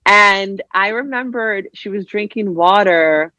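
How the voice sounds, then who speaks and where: A woman from New Jersey, a writer guesting on a podcast, telling stories in a casual, animated way, full of "like" and "you know," and acting out other people's voices. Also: medium pitch, takes it slowly, dry recording. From New Jersey, USA. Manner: heavy use of "like" and "you know". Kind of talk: casual interview storytelling.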